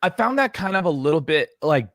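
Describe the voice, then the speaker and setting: Male podcast co-host, mid-pitch, dry close sound, loose and profane, talks himself into a rant. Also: very animated, a little fast, a bit bright, no echo. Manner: swearing, worked-up, rambling. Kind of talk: casual chat.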